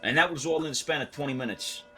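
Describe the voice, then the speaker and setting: A man's voice: mid-range voice, fast talker, faint music behind. A man playing a character in an online roleplay game, telling a wild story with lots of swearing and acted-out quotes. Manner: animated, profane storyteller who acts out quotes.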